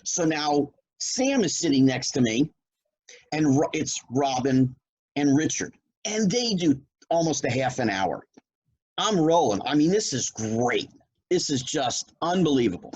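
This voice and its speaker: A man's voice: fairly high pitch, a little slow, breathy edge, lo-fi sound. A middle-aged man from New Jersey, a former child actor, telling a story in casual chat and acting out the lines of the people in it. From New Jersey, United States. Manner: animated storyteller who acts out quoted lines.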